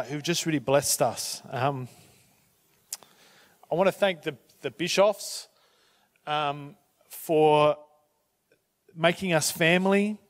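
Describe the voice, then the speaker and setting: A man pastor speaking to a church, halting and full of restarts, with self-deprecating humour. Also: on the high side, clean tone. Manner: halting, with many fillers and restarts. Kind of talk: church talk.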